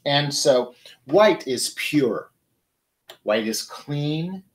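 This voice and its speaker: A man's voice: on the high side, very slow, rough recording. Chatty man arranging flowers live. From Michigan. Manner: chatty, animated, talks to viewers while arranging flowers. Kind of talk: casual live demonstration.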